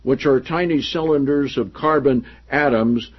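A man preaching a sermon who reads passages from a book aloud and then comments on them in a lower voice. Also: unhurried, husky. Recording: dull lo-fi recording.

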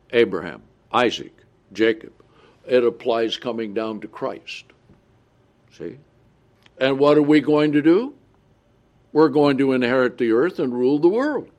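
A man preaching a Bible study sermon, reading scripture aloud slowly and adding his own comments. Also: mid-range voice, darkish tone. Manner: often checks in with the listeners.

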